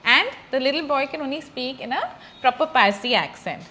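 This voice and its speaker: A woman hosting a podcast, upbeat and giggly as she runs quick games with a guest. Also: high-pitched, expressive, pushed and bright, a little hiss or hum. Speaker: podcast host. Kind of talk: casual podcast chat.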